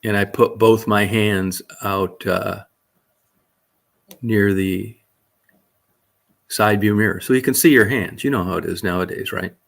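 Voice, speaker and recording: A man's voice: fairly low pitch, steady tone, measured pace, creaky, pauses often. Blunt, profane storyteller man. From Michigan. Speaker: vlogger. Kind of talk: casual storytelling.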